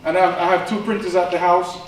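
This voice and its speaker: A man's voice: high voice, little pitch movement, brisk, slight background noise. A man preaching a sermon, telling stories in a conversational way that builds to impassioned moments. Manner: conversational storytelling, rising to impassioned. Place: church sanctuary. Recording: echoey church room from far off.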